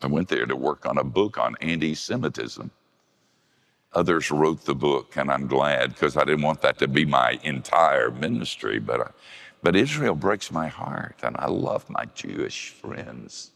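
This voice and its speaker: An older man preaching in a gravelly, very deep voice, slow and unhurried, his pitch swinging widely as he leans into a point. The sound carries a long reverb, like a large hall. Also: expressive, a bit bright. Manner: gravelly, folksy storytelling with shifts into high voices for quoted women. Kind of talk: sermon.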